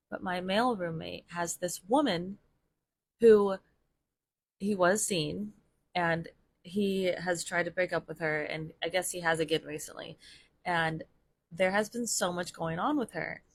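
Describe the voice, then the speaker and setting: A young woman telling a wild story in a chatty, incredulous, rambling way. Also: fairly low pitch. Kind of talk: casual storytime.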